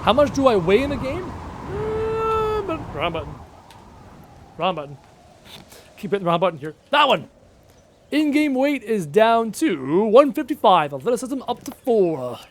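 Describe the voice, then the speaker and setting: A man's voice: very high-pitched, big pitch swings, unhurried, slight background noise. A man from Canada chatting casually on a live game stream, answering chat and repeating himself with emphasis. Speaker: gaming streamer.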